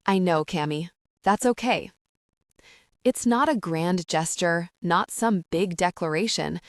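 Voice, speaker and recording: A woman narrating a first-person romance audiobook in a measured, intimate, soft manner. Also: on the low side, dry recording, studio quality.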